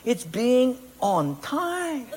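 A man voicing a smug, unhurried man who delivers the punchline of a joke in a sermon. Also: very high voice, very animated, slightly rough, voice pushed up, heavily acted. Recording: long reverb in a large hall.

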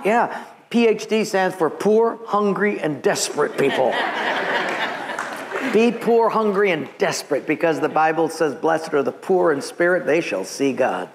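A man in his seventies preaching a sermon to his congregation, with a humorous, chuckling storytelling manner. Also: a little high. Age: 70s. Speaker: pastor. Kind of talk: sermon with jokes. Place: church before a live congregation. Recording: live church audience noise.

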